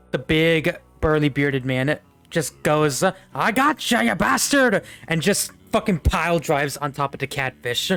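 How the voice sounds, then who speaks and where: A man's voice: mid-range voice, smooth. A young man narrating a tabletop game as game master, rambling with many fillers.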